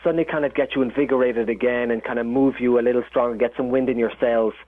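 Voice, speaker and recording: A man's voice: medium pitch, fairly even intonation, quick pace. A man being interviewed as a guest chef, talking in an earnest, rambling way with lots of fillers. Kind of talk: casual interview chat. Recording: tinny phone line, dry.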